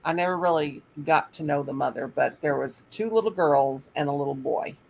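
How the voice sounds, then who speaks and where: A woman's voice: low voice, normal speed, gravelly, slight background noise, low-quality recording. An older woman, a teacher, telling a rambling story in casual chat and acting out what other people said. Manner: rambling, animated quoting of others.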